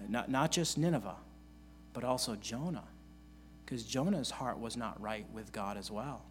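A man's voice: medium pitch, normal speed, slight background noise. A male pastor preaching a sermon in an earnest manner, reading scripture aloud and repeating key phrases for emphasis.

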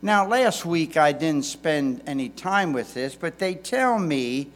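A man's voice: fairly high pitch, expressive, takes it slowly, a bit bright. A man pastor preaching a sermon in a folksy way, with emphatic stresses and frequent restarts.

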